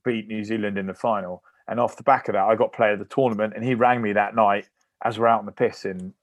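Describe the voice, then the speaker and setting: A man with a fairly low voice speaks in a casual podcast interview. He tells his stories in a lively, anecdotal way. The sound is dry and close, with no room around it. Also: fast, no echo. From England. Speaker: guest, former rugby player.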